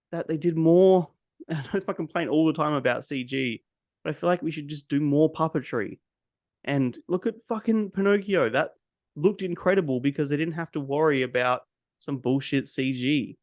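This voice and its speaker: A man's voice: on the high side, moderate pace, a little mellow, dry recording. A man hosting a casual movie podcast, blunt and cynical, swearing freely as he picks films apart. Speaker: podcast host. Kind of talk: casual movie review chat.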